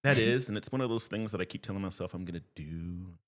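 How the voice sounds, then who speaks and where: A young adult man, a guest performer, chatting casually on a podcast and telling animated stories with frequent laughs. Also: deep voice, fast talker. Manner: animated storyteller, laughs often.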